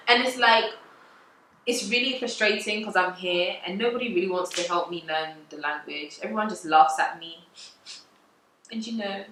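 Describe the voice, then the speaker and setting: A young woman talks to her viewers in a relaxed, confessional way and laughs easily. Her voice is bright and forward. The room is echoey, with a faint hum of ambience behind her. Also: mid-range voice, moderate pace. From England. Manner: chatty, confessional, laughs often. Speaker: vlogger. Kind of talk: casual vlog talk to camera.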